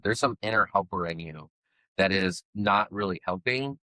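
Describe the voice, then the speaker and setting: A man co-hosting a podcast, chatting casually and telling an old story in a relaxed way, often repeating words as he goes. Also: fairly low pitch, moderate pace, dry recording, poor audio. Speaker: podcast co-host.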